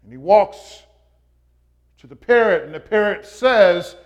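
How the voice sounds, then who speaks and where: A man preaching a sermon, opening with a joke, in a slow and halting delivery with frequent pauses and fillers. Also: high-pitched, expressive. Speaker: pastor.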